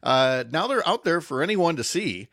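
A man's voice: fairly high pitch, big pitch swings, normal speed, fairly bright tone, no echo, studio quality. A man hosting a morning radio talk show, chatting casually and rambling with restarts. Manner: rambling, self-correcting, chatty. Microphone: studio microphone.

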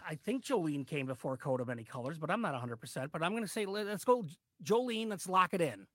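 An easygoing male guest answers quiz questions on the radio, hedging often. He talks fast, and the sound is dry and close. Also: fairly high pitch, animated, dry recording. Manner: easygoing, hesitant, many fillers. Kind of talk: casual chat.

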